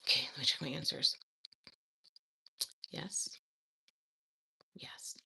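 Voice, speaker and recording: A woman's voice: rumbling low, takes it slowly, gravelly, bright, forceful tone, husky. A woman chatting to viewers in a casual study vlog, reading practice exercises aloud and giggling as she works. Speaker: language learner vlogger.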